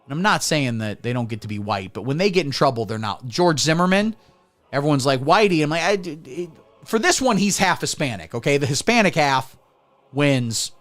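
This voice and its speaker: A man's voice: mid-range voice, big pitch swings, a little fast. Crude, sarcastic comedy streamer, man. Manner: crude, sarcastic, swings from mumbling to loud. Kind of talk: satirical livestream rant.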